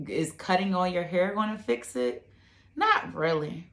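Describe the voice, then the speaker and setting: A woman's voice: on the low side, lively intonation, a little slow, vocal fry, fairly bright tone. A woman vlogger chatting casually to her camera at home, rambling with lots of fillers. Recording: echoey room.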